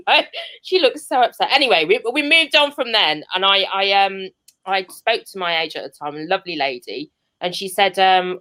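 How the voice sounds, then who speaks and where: A woman's voice: fairly low pitch, animated, a little fast, pushed and bright. A young woman from Birmingham with a Birmingham accent doing a chatty, rambling stand-up set over a video call from her home, full of ums and self-mocking laughs. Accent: Birmingham English. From Birmingham, England. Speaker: stand-up comedian. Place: seated at home.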